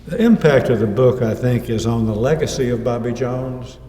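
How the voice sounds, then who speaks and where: A man gives an author's talk, trading anecdotes and quoting others in his own voice. His tone is dark and mellow. He is heard from a distance in a roomy, echoing hall. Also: mid-range voice, moderate pace, a little hiss or hum. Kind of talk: lecture with slides. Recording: echoey hall, mic far off.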